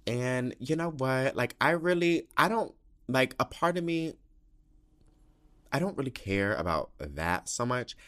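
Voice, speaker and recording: Animated, gossipy man with lively pitch. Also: a little slow. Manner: gossipy, animated, swears a lot, acts out quotes with big pitch jumps. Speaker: podcast host. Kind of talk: casual solo storytelling. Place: home with cats.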